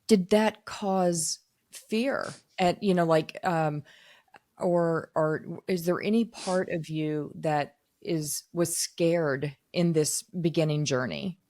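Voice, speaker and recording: Podcast host, woman, lowish voice, dry close mic, reflective questioner. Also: slow pace, a little mellow, no room sound. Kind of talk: interview conversation.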